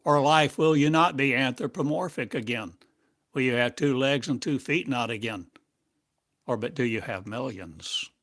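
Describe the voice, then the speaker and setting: A man giving a channeled spiritual monologue as a teacher, speaking in drawn-out phrases and asking one rhetorical question after another. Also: medium pitch, a bit bright, dry recording, studio quality.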